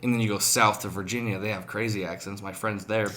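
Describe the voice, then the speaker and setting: A man's voice: on the low side, fairly even intonation, quick pace, crowd noise. A young man talks through a casual podcast chat. He rambles, swears freely and trips over his own words as he goes. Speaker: podcast co-host.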